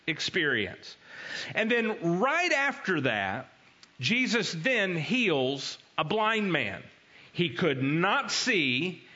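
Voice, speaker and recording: Male pastor, conversational sermon, lively swinging pitch, muffled lo-fi sound. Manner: animated storyteller.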